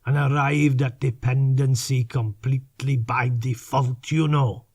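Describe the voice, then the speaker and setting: A man voicing a mischievous old male sea captain with a Scottish accent, projecting each word slowly. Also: medium pitch, steady tone, a little mellow.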